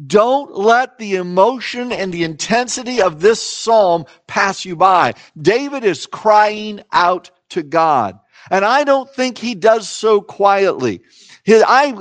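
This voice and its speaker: A man with a fairly high voice preaches a sermon at an unhurried pace, earnest and emphatic. He lets key phrases hang in slow, dramatic pauses. The sound is close and dry, with no room echo. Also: lively intonation. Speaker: pastor.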